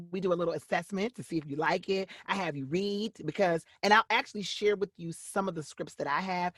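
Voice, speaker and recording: A woman's voice: medium pitch, no echo, clean studio sound. A middle-aged woman, a voice-over actress and coach, talking animatedly in an interview. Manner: animated, acts out quoted voices. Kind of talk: interview conversation.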